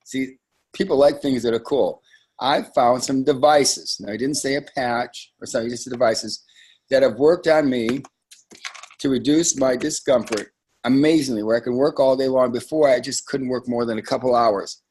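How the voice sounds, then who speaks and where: A man with a husky, slightly breathy voice leads a sales training webinar. His delivery is conversational and emphatic, and he drifts into frequent asides as he coaches his team. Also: medium pitch, steady tone, normal speed, a little mellow.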